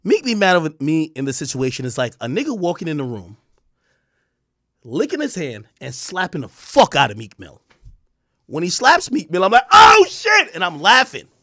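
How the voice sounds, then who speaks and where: A man in his thirties ranting on a stream, animated, profane and mocking. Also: fairly high pitch, normal speed, no echo, studio quality. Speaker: streamer commentator. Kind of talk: ranting commentary.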